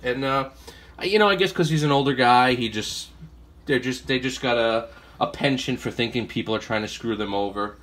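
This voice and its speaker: A man's voice: medium pitch, fairly even intonation, moderate pace, a bit bright. Rambling, chatty man telling collector stories. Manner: rambling storyteller, acts out his own quotes; chatty, many fillers. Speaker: comic collector vlogger. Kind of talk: casual haul vlog.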